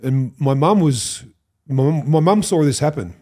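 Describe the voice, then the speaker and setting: Mellow-voiced Australian man telling stories. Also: a little high, normal speed. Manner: animated, swears, acts out quoted lines. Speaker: podcast guest. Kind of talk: storytelling interview.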